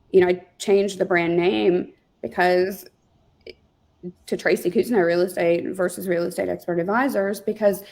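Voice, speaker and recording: Gravelly-voiced chatty woman storyteller. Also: on the low side. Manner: chatty, animated storyteller with many fillers. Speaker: guest, real estate team leader. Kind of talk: casual interview storytelling.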